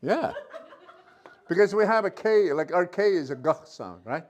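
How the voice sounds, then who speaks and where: A man teaching a virtual language class, sounding out letters slowly, repeating each sound and checking in with his students often. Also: sits high, expressive, muffled recording. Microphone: computer mic on a video call.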